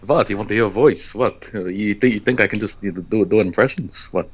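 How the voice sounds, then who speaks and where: A man voicing a fast-talking older comic man with a Yiddish accent, firing back indignant questions. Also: fairly low pitch, breathy edge, highs cut off. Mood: mock indignant. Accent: Yiddish-inflected English. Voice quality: indignant rapid-fire questioning.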